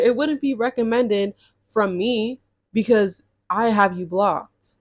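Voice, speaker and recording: A young woman from California tells a storytime in a chatty, slangy, exasperated way. Her voice sits in a middle pitch, and the sound is dry with no room echo. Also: slow. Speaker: storytime vlogger. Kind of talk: casual storytime.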